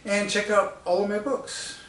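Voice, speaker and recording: A man's voice: sits high, level tone, a little slow, fairly bright tone. Chatty man in a roomy space. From United States. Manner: chatty, laughing often, with fillers and asides. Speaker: storyteller and author. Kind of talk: casual spoken anecdote. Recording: roomy sound from a distance.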